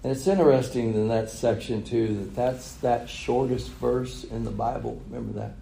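A man's voice: mid-range voice, steady tone, normal speed, vocal fry, dark tone, reverberant, a little hiss or hum, low-quality recording. A man preaching a sermon, retelling a story with chuckles and rhetorical questions. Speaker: pastor.

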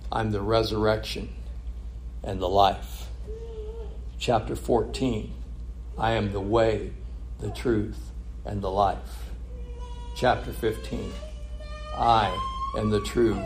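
A man preaching a sermon in a lively way, chuckling and mimicking the voices of the crowd he describes. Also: on the low side, background noise.

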